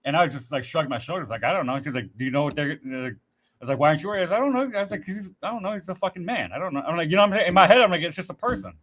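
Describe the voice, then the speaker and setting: A man's voice: on the high side, lively intonation, racing, a bit bright. A man in casual podcast chat, telling rambling, profanity-laced stories with acted-out quotes. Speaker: podcast host.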